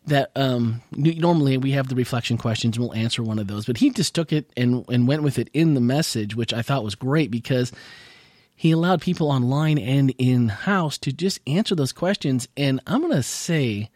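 A male podcast host chatting casually while he recovers from losing his voice. He meanders through his thoughts with frequent small laughs and self-corrections, at an ordinary middle pitch. The sound is dry and close, with no room echo. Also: lively intonation, normal speed, darkish tone. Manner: rambling, self-correcting, chuckles often.

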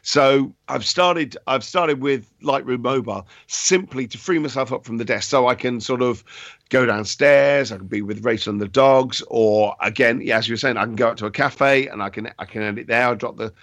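A man, a wedding photographer, chatting on a podcast as a guest, self-deprecating and quick to laugh. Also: mid-range voice, fairly bright tone, no echo, lo-fi sound. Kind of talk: casual podcast chat.

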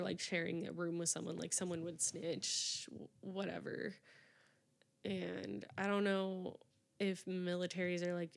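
Rambling woman host, lowish voice. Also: gravelly. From United States. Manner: rambling, many fillers and restarts. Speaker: podcast host. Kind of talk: casual solo podcast chat.

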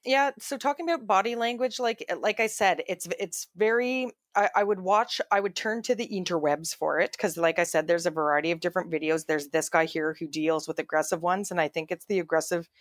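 A woman's voice: lowish voice, brisk, few pauses. A woman chats casually on a podcast, rambling through stories with frequent fillers and restarts. Her voice sounds dry and close, with no room echo. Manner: chatty storytelling with many fillers and restarts. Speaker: podcast co-host. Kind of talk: casual chat.

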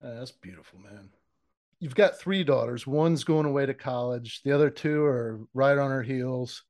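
A man hosting an interview, asking questions in a slow, measured way. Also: medium pitch, darkish tone. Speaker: podcast host.

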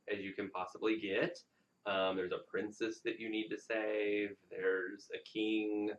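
A man's voice: on the low side, fairly even intonation, measured pace, a bit bright. A man co-hosting a podcast in casual chat, joking and playfully sarcastic, often laughing. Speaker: podcast co-host. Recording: dull lo-fi sound.

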